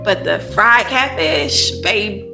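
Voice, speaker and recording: A woman's voice: medium pitch, slow, vocal fry, over music. A woman chatting casually to camera as a book vlogger, playful and talkative, calling listeners honey and baby.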